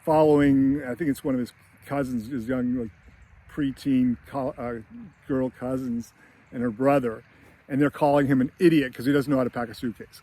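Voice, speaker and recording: A man's voice: mid-range voice, fairly even intonation, normal speed, dark tone. A man giving a casual, rambling film analysis with many fillers and chuckles. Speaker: screenwriting commentator.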